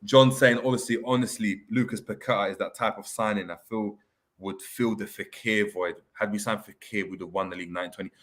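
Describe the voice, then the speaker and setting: A man's voice: fairly low pitch, steady tone, a bit bright. A young man with a London accent, hosting a casual live stream and reading out viewer comments in slangy chat. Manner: slangy, fast-talking, reads viewer comments aloud. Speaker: host.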